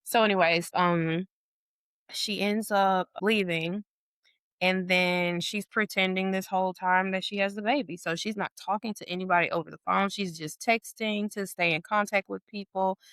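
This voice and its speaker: A podcast co-host spins a casual, animated story, voicing the characters' quotes in a high pitch and peppering it with "like" and "or whatever." Her delivery is smooth at normal speed, in studio quality with no room sound.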